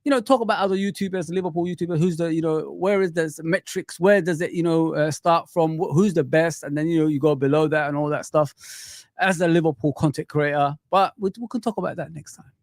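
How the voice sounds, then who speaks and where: A man's voice: on the high side, steady tone, a little fast, no echo, clean studio sound. A young adult man hosting a fan live stream, hyped and exclamatory, repeating words for emphasis. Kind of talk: excited live-stream chat.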